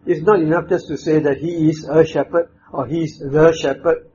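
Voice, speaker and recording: A man preaching a sermon, speaking in a measured, emphatic way with pauses and fillers. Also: a little high, steady tone, dark tone, slight background noise. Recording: dull lo-fi with faint ambience.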